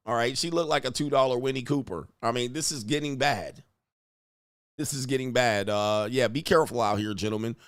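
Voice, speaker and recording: A man hosting reaction commentary in a crude, mocking way. His pitch swings widely as he riffs, and the sound is close and dry, with no room at all. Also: no echo. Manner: profane, mocking, animated. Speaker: host.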